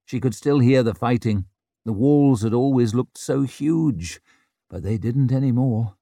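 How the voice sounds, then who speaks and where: A man narrating a fantasy novel as an audiobook, telling it in an expressive, dramatic way. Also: medium pitch, measured pace, vocal fry, no room sound, studio quality.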